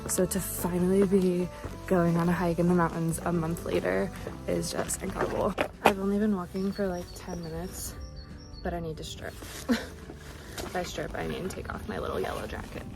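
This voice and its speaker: A woman's voice: lowish voice, moderate pace, creaky. Breathless young woman vlogging on a hike. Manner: chatty and upbeat, talking to camera on the move. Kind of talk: casual vlog narration while hiking. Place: outdoors on a mountain trail. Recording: music bed under the voice.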